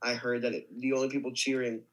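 A man's voice: medium pitch, level tone, fast talker, fairly bright tone, low-quality recording. A young man, an actor, telling a story casually with lots of restarts and "like". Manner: rambling, many restarts and likes. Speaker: actor guest.

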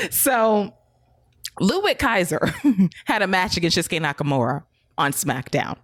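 Lively woman recapping wrestling. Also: fairly low pitch, measured pace, no room sound, studio quality. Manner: lively, laughing, profane storytelling. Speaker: wrestling podcast host. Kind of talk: casual chat.

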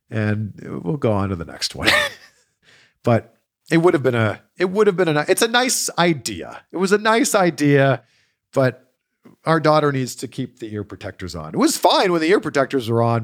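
A man hosting a casual fan Q&A, telling stories with an easy, chatty manner and frequent laughs. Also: mid-range voice. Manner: lively, laughs often, chatty storytelling. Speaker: host of a wrestling Q&A show. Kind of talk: casual chat answering fan questions.

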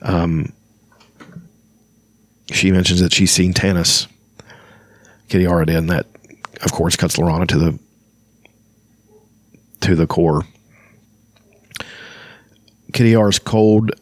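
A man's voice: low-pitched, steady tone, measured pace, pauses often, no room sound. A man hosting a podcast, reading a novel aloud with loose, chatty asides and frequent self-corrections. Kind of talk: book reading with casual asides.

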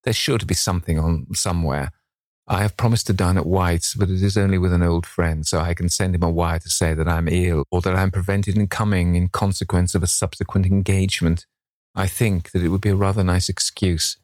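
A man's voice: deep voice, steady tone, a little fast, darkish tone, dry recording, clean studio sound, lightly acted. A man voicing a witty, cynical Victorian aristocrat who drawls out languid epigrams.

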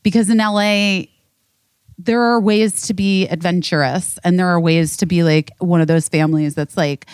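A woman in her thirties co-hosts a candid, casual chat with a slightly low voice. She rambles, gets emotional and swears freely, all heard close up in a dry, dead-sounding space. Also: steady tone, normal speed, a little mellow, clear, resonant tone, no room sound. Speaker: podcast co-host.

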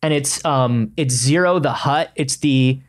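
Animated man in casual chat. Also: medium pitch, a little slow. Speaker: guest.

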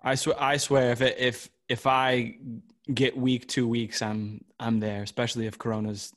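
A man's voice: mid-range voice, little pitch movement, moderate pace. A man hosting a podcast, talking in a casual, eager way and repeating himself as he starts sentences. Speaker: podcast host. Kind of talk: casual chat.

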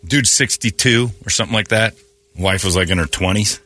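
A man hosting a morning radio show, telling animated stories and acting out the people in them in a casual, joking way. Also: lowish voice, brisk, no room sound. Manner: animated storytelling with laughs and acted-out quotes.

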